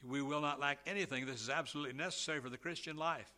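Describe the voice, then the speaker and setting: A man preaching a sermon, slow and emphatic, with a volume that swells and drops. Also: fairly high pitch, pushed and bright.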